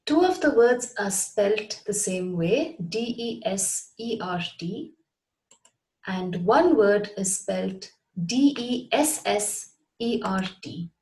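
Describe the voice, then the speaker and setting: A woman gives a scripted lesson to her channel's viewers. She talks at an unhurried pace and spells words out letter by letter. Her pitch sits in a middle range. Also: expressive, a little mellow, rough recording. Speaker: English teacher.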